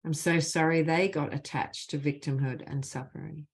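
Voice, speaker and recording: Woman, low voice, spiritual mentor on a video call, guides slow repeated healing phrases. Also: fairly even intonation, slightly rough. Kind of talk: guided clearing session with spoken healing phrases.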